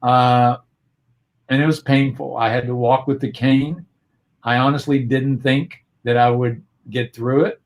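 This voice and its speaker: A man's voice: medium pitch, steady tone, unhurried. A man guest on a video-call interview, telling a personal story in an earnest, reflective way with frequent restarts.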